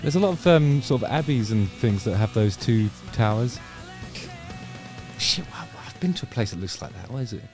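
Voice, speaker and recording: A man with an expressive mid-range voice reacts casually in a music review video at a moderate pace, musing aloud and drifting into self-corrections, with the reviewed video's music faint in the background.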